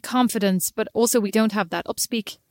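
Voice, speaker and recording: A woman's voice: medium pitch, fairly quick, darkish tone, dry recording, clean studio sound. A young Irish woman, a podcast co-host, teasing and chatting casually. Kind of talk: casual chat.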